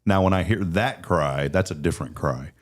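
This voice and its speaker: A man's voice: sits low, moderate pace. A man hosting a casual talk show, chatty and earnest, often repeating words as he starts a sentence. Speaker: host.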